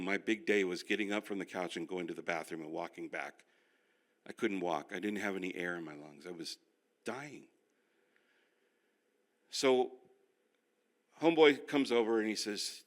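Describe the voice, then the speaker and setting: A man's voice: medium pitch, expressive, normal speed, bright, forceful tone. A male pastor teaching a class, who tells stories with self-mocking humor and speaks straight to the room. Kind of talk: humorous sermon-style teaching.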